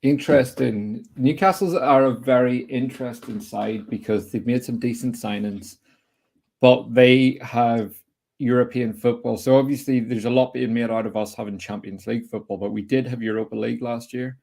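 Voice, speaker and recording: A young man hosting a casual football podcast, chatty and opinionated, putting quick-fire questions to his guest. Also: mid-range voice, fairly even intonation, creaky, darkish tone. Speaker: host.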